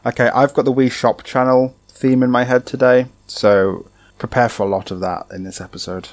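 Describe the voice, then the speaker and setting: A man, a podcast co-host chatting casually with dry, deadpan jokes over a home microphone on a voice call. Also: mid-range voice, normal speed, a little hiss or hum. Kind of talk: casual chat, outtakes.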